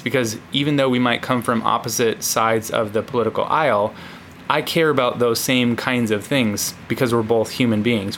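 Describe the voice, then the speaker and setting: A man's voice: medium pitch, fairly bright tone, a little hiss or hum. A man co-hosting a podcast, talking in a reflective, casual way and joking now and then. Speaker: podcast co-host.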